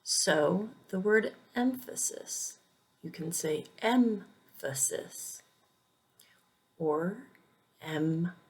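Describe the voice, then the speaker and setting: Woman, pronunciation teacher, very slow, lowish voice, repeats words for drilling. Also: lively intonation, husky. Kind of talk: slow, clear pronunciation lesson.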